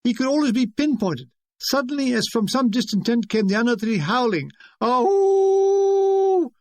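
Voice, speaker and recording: An older man reads his own memoir in a high, lively voice, tossing off jokes with a wry, deadpan touch. The sound is dry and close, with no room around it. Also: brisk, no room sound. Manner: wry, deadpan comic delivery. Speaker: author reading his memoir. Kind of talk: audiobook narration.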